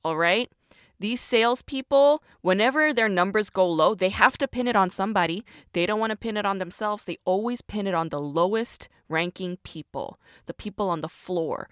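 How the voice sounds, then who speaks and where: A woman's voice: mid-range voice, fairly bright tone, clear, resonant tone, no echo, clean studio sound. A woman hosting a podcast, talking candidly and emphatically, swearing freely and questioning herself as she goes. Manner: profane, emphatic ranting; confessional and self-questioning. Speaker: podcast host.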